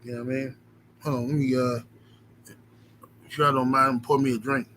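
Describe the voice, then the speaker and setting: A man hosting a casual livestream, reading out viewer messages and riffing in a profane, rambling, animated way. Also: medium pitch, moderate pace, a little hiss or hum. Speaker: livestream host reading super chats.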